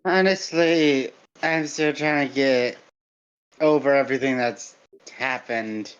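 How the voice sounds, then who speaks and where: A player speaking in character in a tabletop role-playing game, slow and hesitant. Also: medium pitch, fairly even intonation, clear, resonant tone. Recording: dull lo-fi mic.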